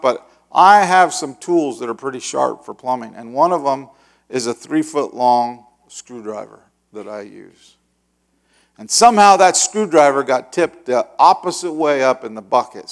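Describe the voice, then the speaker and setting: A middle-aged male pastor telling a long story in a sermon, acting out the voices and shouting the dramatic parts. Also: a little high. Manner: animated, acts out voices with loud shouts.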